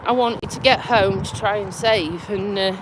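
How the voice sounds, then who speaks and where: Out of breath and stuffed up with a cold, a vlogger and community nurse from Lincolnshire, England, talks bluntly on a live stream outdoors near a tidal river bridge, swearing casually in a Lincolnshire accent. Her mid-range voice is a little slow, with background noise.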